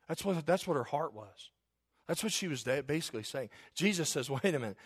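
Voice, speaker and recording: A man's voice: fairly high pitch, lively intonation, fairly quick, husky. A middle-aged man preaching a sermon, who jokes about himself and acts out the voices of the people he quotes.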